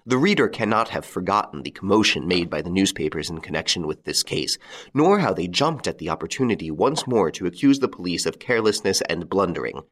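A man narrating a classic crime story aloud in an expressive, dramatic way. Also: low voice, fairly quick. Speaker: audiobook reader.

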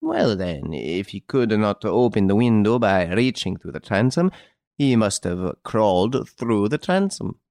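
A man reading an audiobook, voicing a calm, clever chevalier who explains a theft in a smiling, deliberate way. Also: fairly low pitch, no echo, clean studio sound.

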